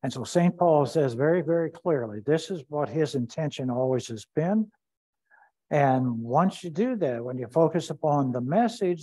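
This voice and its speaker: A pastor leading a Bible study, speaking deliberately and repeating key phrases for emphasis. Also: male voice, fairly high pitch, animated, dark tone, poor audio.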